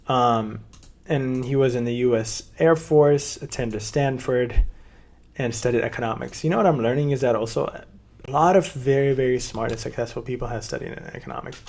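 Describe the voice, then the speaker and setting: A man's voice: medium pitch, moderate pace, gravelly. A young man casually reacting to a video on a live stream, rambling with playful asides.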